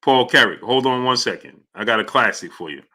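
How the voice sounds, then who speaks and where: A sports channel host runs a live stream, reading out viewers' super chats and reacting with animated disbelief, repeating himself often. His voice is mid-range and fairly quick.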